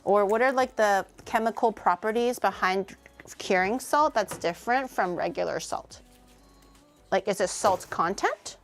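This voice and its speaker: A woman's voice: mid-range voice, a little slow, faint music behind. A young woman cooking on a livestream, chatting casually with her viewers, teasing them, swearing and laughing often. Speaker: cooking streamer.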